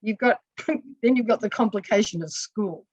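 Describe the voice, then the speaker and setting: A woman's voice: mid-range voice, normal speed, a little mellow, dry recording, rough recording. A woman, a counselor talking earnestly on a podcast and explaining with restarts and asides. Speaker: guest, counselor. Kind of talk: casual podcast conversation.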